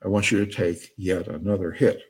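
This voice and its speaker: A commanding divine voice that gives orders flatly and insists on being obeyed, put on by a man telling a joke. It is low-pitched with a husky, breathy edge. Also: brisk. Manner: bossy, insistent, deadpan. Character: commanding booming male divine voice.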